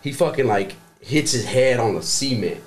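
A man's voice: medium pitch, lively intonation, normal speed. A young man from Texas telling a rowdy story in casual chat, swearing freely and acting out what people said. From Grand Prairie, Texas. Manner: rambling storyteller, swears freely, acts out quotes.

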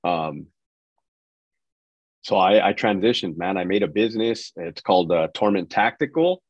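A man's voice: sits low, animated, moderate pace, dry recording, lo-fi sound. A man in his forties, a podcast guest, talking casually in a laid-back, profane way with many fillers. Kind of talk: casual interview talk.

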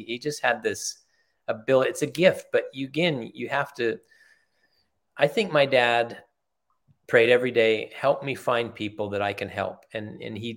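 A man's voice: mid-range voice, fairly bright tone. An older man, a retired executive, telling heartfelt stories in an earnest, conversational way as a podcast guest. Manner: earnest, heartfelt, repeats phrases for emphasis. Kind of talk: conversational storytelling.

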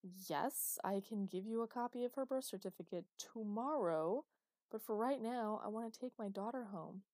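A woman's voice: mid-range voice, normal speed, few pauses, a little mellow, no room sound, studio quality, natural voice. A woman voicing a protective father who talks urgently and insistently. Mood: insistent, angry. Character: protective father, worried then furious.

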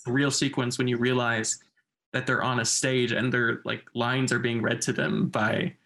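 A man with a bright, clear voice and a mid-range pitch animatedly retells scenes from a film. He talks in a casual podcast chat style. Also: little pitch movement, normal speed. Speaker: podcast co-host.

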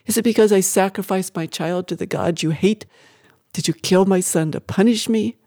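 A reader voicing a grieving, desperate mother in a dramatic audiobook, her lines pitched higher and pleading. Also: a little slow, dark tone, dry recording, clean studio sound. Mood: accusing. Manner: raised, pleading, higher than the narration.

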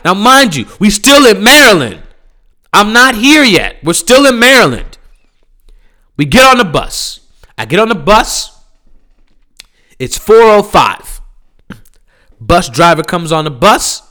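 A male comedian rants through a story in a high, bright, tense voice. He sounds exasperated, and his telling is loose and profane. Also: big pitch swings, slow pace, pauses often. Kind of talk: stand-up storytelling.

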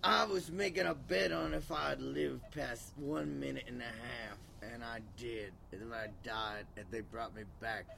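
A man doing a gravelly old gambler. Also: mid-range voice, fairly even intonation, a little slow, hardly any pauses, crowd noise. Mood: boastful. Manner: drawling, calls others boy. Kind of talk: improvised comedy role-play.

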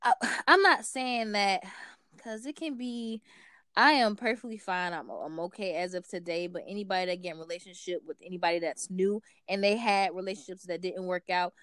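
A woman in her twenties, a guest in a casual chat, speaking in a reflective, measured way. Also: medium pitch, steady tone, fairly bright tone, dry recording, clean studio sound.

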